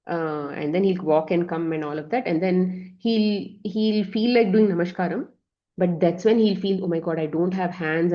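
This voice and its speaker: A woman telling a devotional story in a class, animated, acting out the characters and often correcting herself. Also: on the low side. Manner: animated, acts out characters' voices in quotes; many fillers and self-corrections. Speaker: spiritual class teacher. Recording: dull lo-fi audio.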